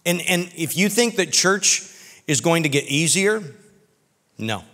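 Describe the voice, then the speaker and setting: Animated preacher man in a reverberant hall. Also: on the high side, unhurried. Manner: animated, folksy storytelling preacher. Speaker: pastor. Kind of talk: sermon.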